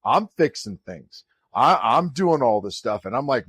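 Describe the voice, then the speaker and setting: A man's voice: mid-range voice, normal speed, breathy edge, no room sound, studio quality. A middle-aged man, a college volleyball head coach, telling a story in a podcast conversation and acting out the people he quotes. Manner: animated storyteller who acts out quoted dialogue.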